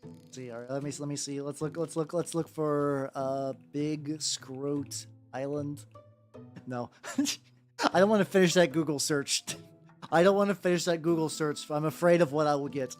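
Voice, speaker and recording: Streamer, mid-pitched, rambly live-stream chatter over faint background music, loose and unscripted. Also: moderate pace. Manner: rambling, many fillers and self-restarts. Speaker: miniature painting streamer. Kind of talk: casual live-stream chat while painting.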